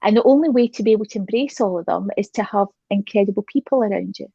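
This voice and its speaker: Scottish woman, talk show host, chatty, lively laughter, dull dry phone sound. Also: mid-range voice, fast talker, creaky, slightly rough, dry recording. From Scotland. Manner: chatty and warm, laughs often. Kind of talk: casual chat. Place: small glamping pod.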